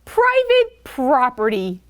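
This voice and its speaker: A woman voicing a grumpy male cactus who yells at visitors to keep out. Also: high voice, huge pitch swings, slow pace, exaggerated voice. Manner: yelling, huffy.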